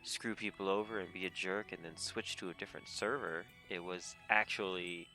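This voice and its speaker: Gravelly low-voiced man ranting. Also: normal speed. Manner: rambling, animated, laughs often. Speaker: gamer vlogger. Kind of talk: casual rant. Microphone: desk mic. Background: faint game music.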